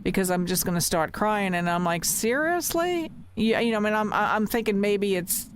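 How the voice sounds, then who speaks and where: A woman's voice: medium pitch, steady tone, a little fast, background noise. A woman hosting a podcast in casual talk, passionate and emphatic, often repeating her points. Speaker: podcast host.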